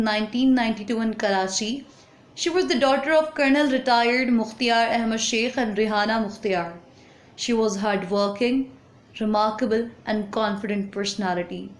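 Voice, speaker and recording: Measured woman teaching English. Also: fairly high pitch, low-quality recording. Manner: measured and instructive, addressing students directly. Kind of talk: reading a story aloud and explaining vocabulary.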